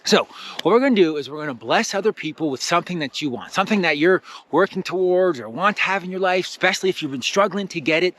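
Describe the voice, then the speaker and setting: A young man with a somewhat high voice talks in a loose, rambling way, bursting into excited exclamations. He fills his speech with likes and you-knows as he leads a casual motivational talk about gratitude. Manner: enthusiastic, rambling, many fillers and exclamations. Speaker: spiritual self-help host.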